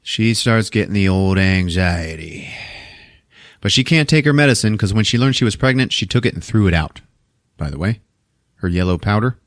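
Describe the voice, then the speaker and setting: A man's voice: on the low side, fast talker, no room sound, studio quality. A man casually recapping a movie on a podcast, swearing a lot and acting out the characters' lines in put-on voices. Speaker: podcast host recapping a film.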